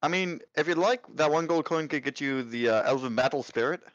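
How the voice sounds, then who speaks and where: Guy doing a cheeky barkeep with a pitched-up gruff voice, slangy and blunt, sounds a bit dull and dry. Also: a little fast, a bit bright, no room sound, natural voice. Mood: teasing. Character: gruff male tavern barman, wry and blunt.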